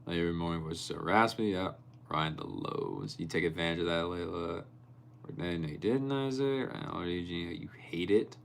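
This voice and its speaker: Low-voiced young man chatting with his live stream. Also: a little fast, gravelly, a little hiss or hum. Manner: chatty, answers chat comments by name, animated storytelling. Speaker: livestreamer reading chat. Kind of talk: casual live-stream chat.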